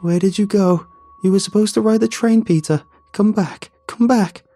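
A man voicing a monstrous, grieving train creature that cries out in high, desperate shrieks. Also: moderate pace, mellow, faint music behind. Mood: furious pleading.

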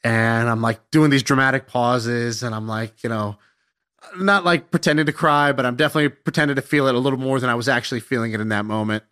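Animated young man telling a story. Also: medium pitch, fast talker. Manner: animated, self-mocking, swears casually. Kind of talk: casual anecdote.

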